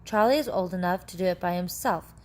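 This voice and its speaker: A woman reading aloud a children's book, voicing an eccentric, excitable male chocolate-maker who talks in a brisk, eager, commanding way. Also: on the low side, lightly acted.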